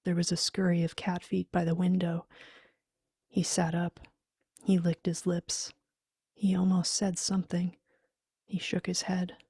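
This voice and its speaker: A woman reading a horror story in a hushed, half-whispered voice. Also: on the low side, completely flat delivery, a little slow, long pauses, breathy edge, no room sound, clean studio sound. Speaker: audiobook reader. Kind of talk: scripted horror narration.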